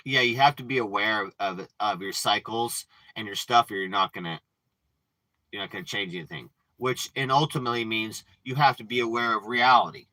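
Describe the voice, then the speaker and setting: A man hosting a livestream, ranting and preaching with frequent swearing, dropping from low mutters to loud outbursts. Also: a little fast, no room sound, rough recording. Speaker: livestream host.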